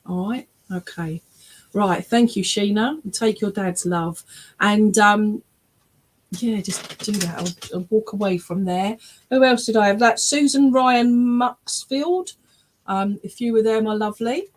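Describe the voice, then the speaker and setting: A woman's voice: medium pitch, a little slow. An English woman, a spiritualist medium, giving readings at an online church service from her webcam, often checking in with "all right?" and "okay?". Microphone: webcam on a video stream.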